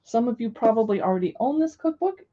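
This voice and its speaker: A woman's voice: a little high, animated, fast, dark tone, lo-fi sound. A young woman hosting a casual live stream from home, chatting and reading recipe titles aloud to viewers. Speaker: live stream host reviewing cookbooks.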